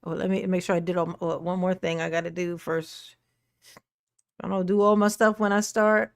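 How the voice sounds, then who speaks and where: A woman's voice: lowish voice, little pitch movement, normal speed, gravelly, clean tone, dry recording, clean studio sound. A woman hosting a casual livestream, chatting and laughing, greeting viewers by name. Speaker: livestream host.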